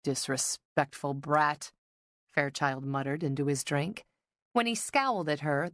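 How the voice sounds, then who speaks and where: A woman narrating a romance novel as an audiobook, measured and even. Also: deep voice, dry recording, clean studio sound.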